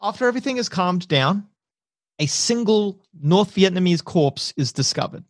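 A man's voice: sits high, moderate pace, dry recording. A man narrating a tabletop war game as game master. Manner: steady descriptive narration.

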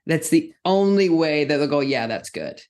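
Low-voiced lively woman. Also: moderate pace. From Minnesota, USA. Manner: animated, laughing, swearing, trailing off. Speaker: podcast comedian. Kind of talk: casual chat.

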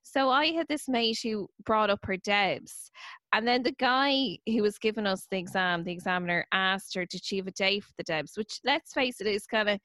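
A woman's voice: medium pitch, moderate pace, dry recording. An Irish woman in her thirties co-hosting a casual chat, telling stories and teasing her co-host. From Ireland. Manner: lively, teasing storyteller. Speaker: podcast co-host.

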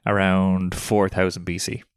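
A man's voice: low voice, level tone, a little slow, clean tone, no room sound. A man co-hosting a podcast in casual chat, trading dry jokes and swearing casually. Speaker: podcast co-host.

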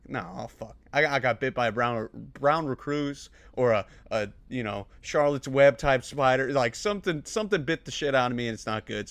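A man's voice: medium pitch, a bit bright, no room sound. A young man co-hosting a podcast, joking in a laid-back way and swearing freely. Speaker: podcast co-host. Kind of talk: casual chat.

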